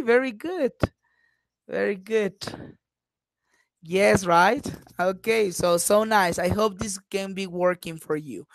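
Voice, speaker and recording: A woman English teacher runs an online class over a video call. She talks slowly and patiently, drawing out her words and often adding encouraging uh-huhs. Her voice sits at a middle pitch and sounds dry and close. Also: dry recording, rough recording.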